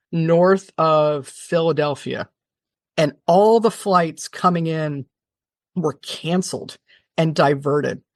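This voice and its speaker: A woman guest on an interview podcast, telling a long story in an animated, fast-talking way, often restarting her sentences. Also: low-pitched, vocal fry, dry recording, studio quality. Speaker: television producer, guest.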